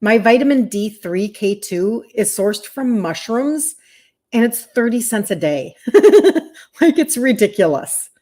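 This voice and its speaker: A woman's voice: medium pitch, expressive, a little mellow. A woman in her fifties with an American accent, hosting a live stream as a health coach, chatting casually, laughing often, answering viewers by name. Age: 50s. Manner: chatty, rambling, quick laughs, talks straight to viewers.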